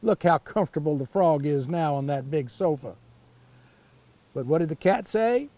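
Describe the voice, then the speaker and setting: Older man, storytime reader, folksy kid-friendly asides, high lively voice. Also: moderate pace, no echo. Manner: folksy, chatty asides to kids. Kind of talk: reading a picture book aloud to children.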